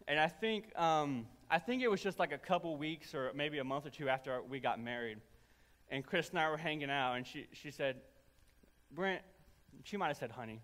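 A young adult man preaching a sermon, telling a funny personal story in an animated, self-deprecating way. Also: a little high. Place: church sanctuary. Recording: reverberant church hall.

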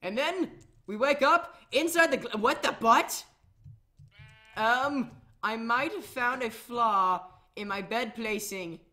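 A woman's voice: fairly high pitch, takes it slowly, sharp tone. Chatty woman rambling over her gameplay. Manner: chatty, rambling, self-mocking. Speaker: Minecraft let's-play host. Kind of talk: casual gameplay commentary.

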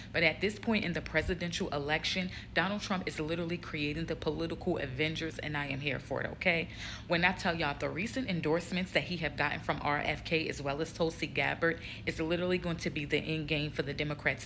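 A woman's voice: low-pitched, noisy background. A woman in a casual political vlog, emphatic, talking straight to her audience. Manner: emphatic, calls the audience "y'all".

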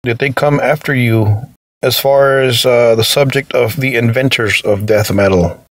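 A man hosting a podcast, asking measured interview questions. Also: medium pitch, fairly even intonation, dry recording. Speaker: podcast host.

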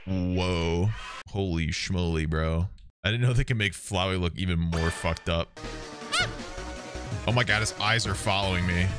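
A young man giving excitable, swearing reactions while playing a game. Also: low-pitched, measured pace, pauses often. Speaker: gaming streamer. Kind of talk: casual game commentary. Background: game music.

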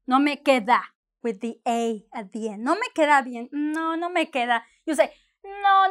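A woman teaching a bilingual lesson, energetic and playful, acting out what a shopper and a seller would say. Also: high voice. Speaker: Spanish teacher.

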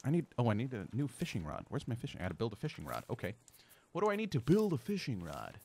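A man casually bantering while playing a co-op game, joking and laughing often, swinging from mumbles to loud outbursts. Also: mid-range voice, huge pitch swings, fast, gravelly, slightly rough. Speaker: co-op game streamer.

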